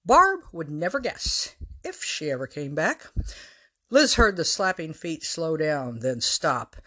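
A woman's voice: low-pitched, big pitch swings, takes it slowly, pushed and bright. Woman reading her own story, storytelling narration, wry, dry asides.

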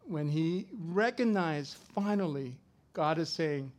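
A middle-aged man preaching a sermon, swinging from loud to soft as he tells a story. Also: a little high, a little slow. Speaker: pastor.

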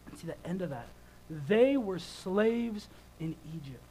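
A man in his thirties preaches a sermon in a conversational, animated style, telling stories with lively swings in loudness. His voice is high-pitched and measured in pace, and the audio quality is poor.

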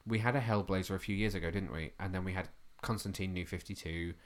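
A man's voice: low voice, fast. A man co-hosting a podcast, asking curious questions in a casual chat about comics. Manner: curious, asks lots of questions. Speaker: podcast co-host.

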